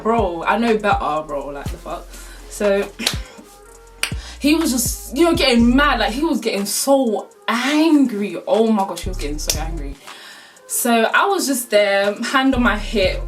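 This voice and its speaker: A woman's voice: fairly high pitch, big pitch swings, unhurried, over music. A young woman telling a casual storytime, full of slang and swearing, with laughs through the telling. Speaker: vlogger.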